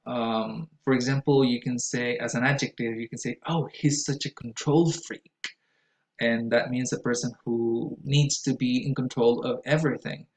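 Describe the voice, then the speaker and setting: A man's voice: mid-range voice, little pitch movement, moderate pace, hardly any pauses. A man teaching pronunciation in a lecture style, explaining patiently and repeating each word for emphasis. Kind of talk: classroom lecture. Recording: echoey room.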